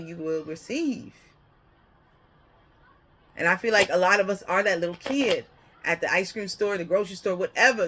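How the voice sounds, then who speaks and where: A woman gives a casual spiritual reading in a bright, forward voice. She rambles from one thought to the next and often checks in with the listener. She laughs often. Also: mid-range voice, breathy edge. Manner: rambling, keeps checking in with "okay?". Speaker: spiritual card reader.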